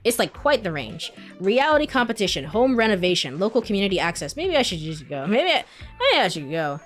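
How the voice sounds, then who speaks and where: A woman's voice: mid-range voice, sing-song, fairly quick, faint music behind. Giggly, chatty young woman gamer. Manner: giggly, chatty, many fillers. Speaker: let's play streamer. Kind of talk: casual game commentary.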